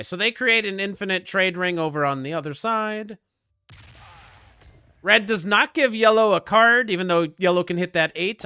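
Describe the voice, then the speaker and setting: A man streaming a strategy board game online, commenting casually, joking with chat and getting loud when frustrated. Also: sits high, clean tone, no room sound, clean studio sound.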